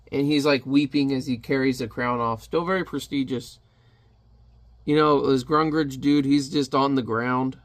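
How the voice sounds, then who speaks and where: A man's voice: mid-range voice, steady tone, normal speed. A man casually reviewing a comic, chatty and joking as he narrates the panels. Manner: chatty, jokey asides.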